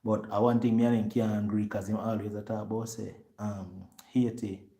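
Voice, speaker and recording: A man with a Jamaican accent telling a story to his viewers in lively patois, acting out what other people said. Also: fairly low pitch, moderate pace, gravelly. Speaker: vlogger.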